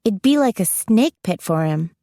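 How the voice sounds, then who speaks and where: A woman's voice: mid-range voice, lively intonation, normal speed, warm tone, no echo, clean studio sound, natural voice. A woman voicing a bubbly, playful teenage girl in an audiobook, talking in a teasing, mock-grand way.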